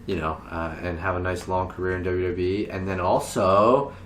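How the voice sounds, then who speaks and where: Co-host, male, lowish voice, dry teasing humor, faint noise behind. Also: steady tone, moderate pace, fairly bright tone. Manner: joking, teasing. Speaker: podcast co-host. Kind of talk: casual chat.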